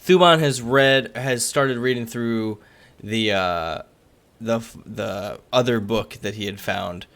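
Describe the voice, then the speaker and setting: Gravelly-voiced man running a tabletop game. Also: fairly low pitch, slow, fairly bright tone. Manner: casual, laughs often, trails off mid-sentence. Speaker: game master.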